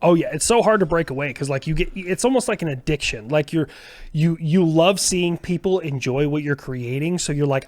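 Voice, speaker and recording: A man's voice: fairly high pitch, brisk. A man as a podcast guest in casual chat, eager and full of "like" fillers. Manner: eager, filler-heavy, lots of "like".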